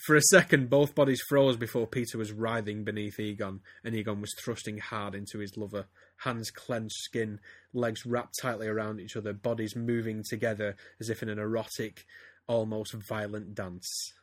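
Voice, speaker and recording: A man's voice: fairly low pitch, steady tone, normal speed, hardly any pauses, no echo, clean studio sound. A man, a podcast host giving a theatrical comic reading of a story. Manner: reads theatrically, breaks into laughter. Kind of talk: comedic dramatic reading.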